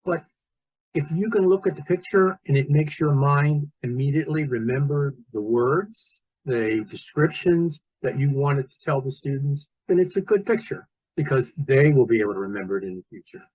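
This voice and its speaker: A man walking teachers through presentation software in a screen-recorded tutorial, talking loosely and thinking aloud as he clicks. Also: medium pitch, slightly rough, no echo, low-quality recording. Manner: relaxed, thinking aloud with fillers and restarts. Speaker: teacher trainer.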